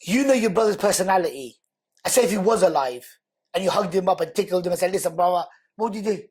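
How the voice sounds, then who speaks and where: A man, a podcast guest telling an emotional personal story in an animated, slangy way, repeating words for emphasis. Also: sits high, fast talker, husky.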